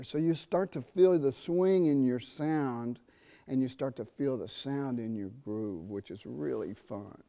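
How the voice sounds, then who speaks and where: A middle-aged man teaching jazz trumpet in a masterclass, animated, singing rhythms and checking in with students. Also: fairly high pitch. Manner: animated, sings rhythms and asks students quick questions. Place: university theatre.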